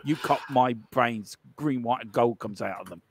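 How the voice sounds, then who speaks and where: A man's voice: mid-range voice, normal speed, noisy background. A man with a Cork Irish accent, co-hosting a live football stream, teasing and laughing through rambling banter full of fillers. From Ireland. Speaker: co-host of a football watchalong stream.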